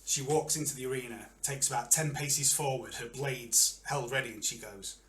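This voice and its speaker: Bright-voiced game master in an echoey room. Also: male voice, medium pitch, fairly even intonation, slight background noise. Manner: descriptive, unhurried narration. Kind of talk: narrating a tabletop game.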